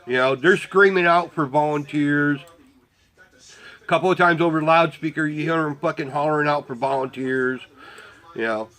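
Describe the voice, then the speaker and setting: A man's voice: a little high, a bit bright. A man casually telling a rambling story about volunteering, swearing constantly and acting out his own and others' lines as dialogue. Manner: quotes himself and others in dialogue.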